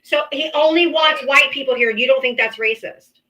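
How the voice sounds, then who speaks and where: Female livestream host, blunt and profane, bright voice; interrupts callers. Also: sits high, normal speed, poor audio. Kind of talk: heated political call-in debate.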